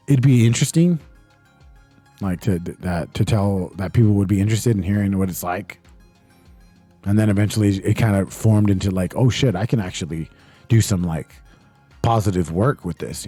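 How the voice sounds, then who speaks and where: This young livestream host talks loosely from his home streaming setup, reading chat aloud and swearing frequently in a laid-back manner. His fairly low, husky voice has a dark tone, normal speed and frequent pauses. There's faint music behind and no room sound.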